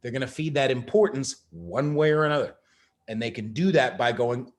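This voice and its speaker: A man hosting a podcast, ranting in a profane, emphatic way and sometimes shouting. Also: medium pitch, lively intonation, moderate pace. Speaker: podcast host.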